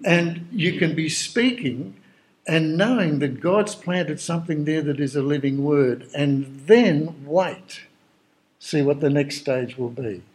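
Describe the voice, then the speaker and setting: A man's voice: fairly high pitch, slow pace, rough recording. A man preaching a sermon in a conversational, storytelling way, acting out the dialogue of the people he describes. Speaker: pastor.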